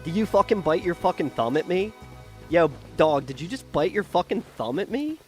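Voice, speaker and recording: Guy putting on a profane shakespeare street tough with a thick delco accent, cocky and crude, voice a bit high, faint music behind. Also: big pitch swings, moderate pace, a little mellow. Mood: taunting. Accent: Philadelphia (Delco). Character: brash young male brawler from a Shakespeare street fight.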